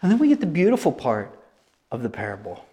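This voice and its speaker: A male preacher giving a sermon, animated and emphatic, repeating phrases for effect. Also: mid-range voice, quick pace.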